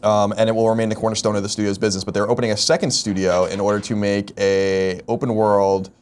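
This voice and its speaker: Fast-talking male co-host. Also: lowish voice, flat delivery, a little mellow, a little hiss or hum. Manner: fast, rambling with restarts. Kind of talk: casual chat and news reading.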